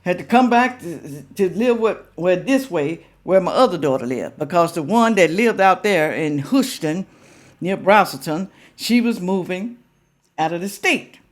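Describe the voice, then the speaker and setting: A woman's voice: fairly low pitch, animated, a little slow. An older woman talking casually to her viewers, emphatic and full of rhetorical questions. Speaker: reaction vlogger.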